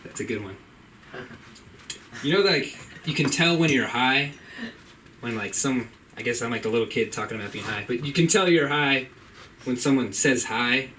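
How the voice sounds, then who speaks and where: A young man doing open-mic stand-up in a comedy club, rambling and deadpan. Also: medium pitch, moderate pace, long pauses. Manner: laid-back, rambling, deadpan asides. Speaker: stand-up comic. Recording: distant mic, faint room noise.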